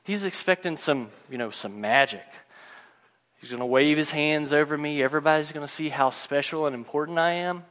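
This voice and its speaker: A man preaching a sermon, retelling a story and acting out its characters' lines in a lively storytelling manner. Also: fairly high pitch, fairly quick, in a large hall. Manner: storytelling, acts out voices of the characters.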